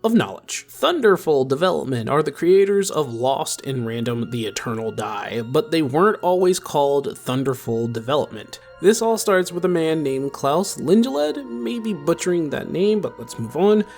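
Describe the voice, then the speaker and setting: A man's voice: fairly high pitch, very animated, moderate pace, gravelly, hardly any pauses, a little mellow. A young man narrating a scripted gaming video essay in a chatty way, with self-deprecating asides. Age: young adult. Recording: faint music underneath.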